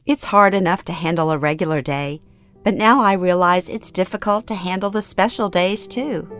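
A middle-aged woman from Louisiana reading her own memoir aloud in first person, earnest and emotionally expressive. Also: on the low side, moderate pace, soft background music. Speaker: memoir narrator.

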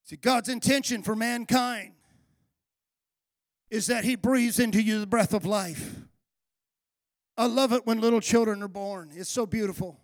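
A male pastor preaching a sermon with fervor, building up to shouts on key phrases. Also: high-pitched, steady tone, unhurried, long pauses, no echo.

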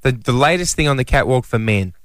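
A man's voice: medium pitch, lively intonation, brisk, a bit bright, dry recording. A male Australian radio co-host, playful and teasing in casual banter.

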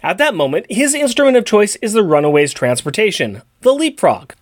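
A woman's voice: medium pitch, very animated, a little fast, hardly any pauses. A woman co-hosting a podcast, recapping a comic book story and adding wry, teasing asides. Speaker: podcast co-host.

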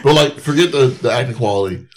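A man's voice: medium pitch, quick pace. A man in a casual podcast chat, blunt and sarcastic, swearing heavily about a film.

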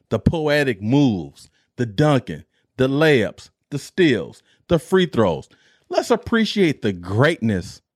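Animated ranting podcast host, man. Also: medium pitch, no room sound, clean studio sound. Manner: animated, exasperated ranting with repetition. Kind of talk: solo podcast rant.

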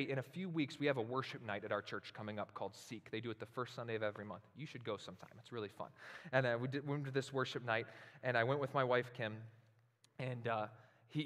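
Man preaching in a reverberant hall. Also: medium pitch. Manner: builds to loud, slow emphatic preaching. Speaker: pastor. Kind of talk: sermon.

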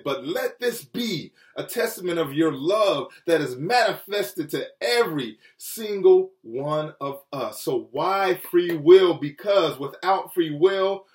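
A man preaching a sermon with earnest feeling, often dropping low and soft and then rising for emphasis. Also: roomy sound, far from the mic. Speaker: pastor. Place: Chicago.

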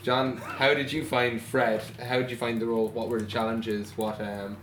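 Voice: medium pitch, level tone, normal speed, far from the mic, heavy background noise. A host asking actors questions in a casual, joking way, stumbling over the words. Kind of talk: casual interview. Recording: echoey room with loud crowd.

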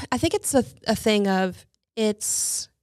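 A woman's voice: mid-range voice, lively intonation, takes it slowly, no room sound, studio quality. A woman co-hosting a casual Bible study podcast, chatty and a little rambling, with self-deprecating humor. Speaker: podcast co-host.

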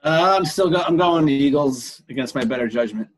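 Dry-spoken man, slightly high voice. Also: animated, a little fast. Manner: dry, short agreeing replies. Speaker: podcast co-host. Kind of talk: casual chat.

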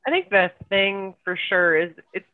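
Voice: mid-range voice, lively intonation, moderate pace. An American guest on a podcast, talking in an upbeat, folksy way and laughing easily. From United States. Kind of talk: casual interview chat. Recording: tinny remote phone line.

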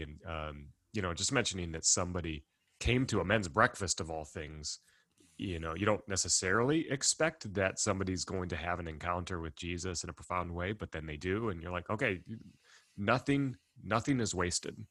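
Very deep-voiced easygoing pastor. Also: male voice, bright, forceful tone, dry recording, studio quality. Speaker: pastor, podcast host. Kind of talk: casual church podcast chat.

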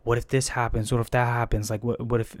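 A young man from the San Francisco Bay Area rambles through a story, swearing often, laughing at himself, and acting out his own panicked thoughts. He talks fast at a mid-range pitch with a flat delivery, and the recording is dry.

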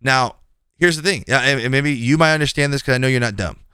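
Man, casual storyteller, frank, animated quoting, smooth voice, dry close mic. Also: mid-range voice, fast, no echo. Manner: animated, frank, quotes people in dialogue. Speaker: podcast guest telling a work story. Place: podcast studio.

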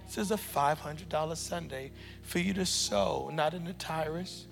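A male preacher with a high, ringing voice leads a congregation in chanting declarations and call-and-response. Church music plays steadily beneath him in the sanctuary. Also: moderate pace, creaky, big-room sound. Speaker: preacher leading prayer and offering. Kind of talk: sermon prayer and offering appeal. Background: church music playing.

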